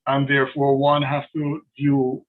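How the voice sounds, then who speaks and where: Over a thin, phone-quality remote link, a male defence lawyer delivers formal, deferential submissions to appeal judges with many hesitations. He talks a little slowly in a mid-range monotone.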